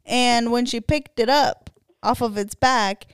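A woman's voice: on the high side, measured pace, smooth, no echo, studio quality. A woman on a casual podcast, telling stories in a blunt, profane way. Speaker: podcast co-host. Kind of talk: casual chat.

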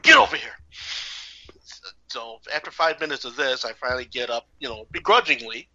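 A man telling a casual story in an animated way, acting out the people in it. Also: medium pitch, fast talker, highs cut off. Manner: animated, acts out the characters. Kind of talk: casual anecdote.

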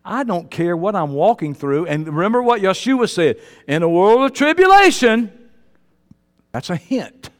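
A preacher with a high, ringing voice delivers a sermon full of folksy turns of phrase. He swings from loud exhortation down to quiet, confiding asides. A long hall reverb trails behind his words. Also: sing-song, normal speed. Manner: folksy, colloquial speech. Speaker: pastor.

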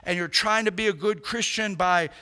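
A man's voice: high voice, moderate pace, bright, forceful tone, clear, resonant tone. A male pastor preaching a sermon in an emphatic, direct way, talking to his congregation.

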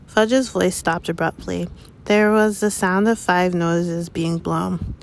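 A woman's voice: lowish voice, steady tone, slow, creaky. Woman reading an audiobook chapter aloud. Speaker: audiobook reader. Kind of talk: audiobook narration.

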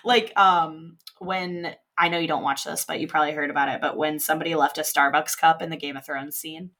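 A young woman with a slightly low voice, chatting casually as she recaps a movie plot. She laughs often and drops quick quoted lines from the characters as she goes. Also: steady tone, fairly bright tone. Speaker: podcast co-host.

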